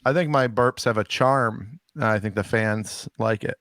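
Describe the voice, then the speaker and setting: A man co-hosting a comedy podcast, chatting in a halting, deadpan way with many fillers. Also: lowish voice, dry recording, clean studio sound. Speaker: podcast co-host. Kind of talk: casual chat. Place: Texas.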